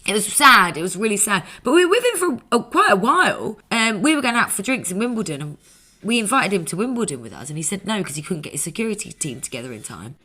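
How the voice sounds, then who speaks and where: A woman's voice: mid-range voice, very animated, fast talker, pushed and bright. A woman, a podcast co-host telling a long story in casual chat, swearing freely. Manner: chatty, swears freely, tells anecdotes with quoted voices.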